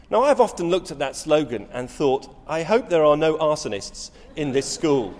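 A man's voice: fairly high pitch, sing-song, moderate pace, big-room sound. A middle-aged man preaching a sermon, telling stories with rising emphasis and frequent restarts.

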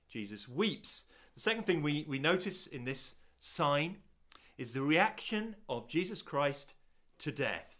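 A man preaching a sermon to an audience watching on video, asking rhetorical questions, swelling to loud peaks and dropping to hushed, slow lines. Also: medium pitch.

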